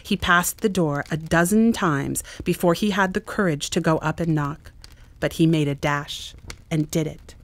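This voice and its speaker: A woman's voice: low voice, moderate pace. A woman narrating a classic story expressively in a dramatic reading at a church event. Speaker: reader.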